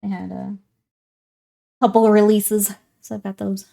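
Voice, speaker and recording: A woman's voice: medium pitch, flat delivery, normal speed, creaky, dark tone. A woman in her twenties chatting casually with stream viewers while working on a hobby project, laughing often and welcoming people in. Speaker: livestreamer.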